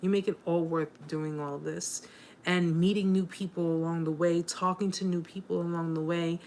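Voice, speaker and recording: A woman hosting a casual live chat with viewers, warm and encouraging, rambling with many fillers and restarts, openly emotional. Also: fairly low pitch, steady tone, moderate pace, a little hiss or hum.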